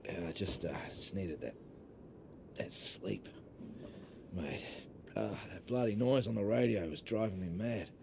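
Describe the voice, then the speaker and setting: A beat-up pilot in a game, low grumbly voice, hissy noise behind. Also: male voice, lively intonation, measured pace, vocal fry, long pauses. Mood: grim. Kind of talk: video game voice acting.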